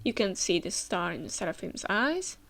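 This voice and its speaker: A woman's voice: mid-range voice, very animated, moderate pace, vocal fry, a bit bright. A woman hosting a manga reaction, chatting as she reads the panels aloud. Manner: chatty, with frequent fillers and restarts. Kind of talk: reading manga aloud with comments.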